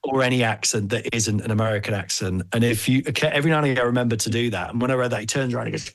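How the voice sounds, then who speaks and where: A man hosting a podcast, chatting casually in an animated, rambling, jokey way. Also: mid-range voice, rapid-fire, few pauses. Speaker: podcast host.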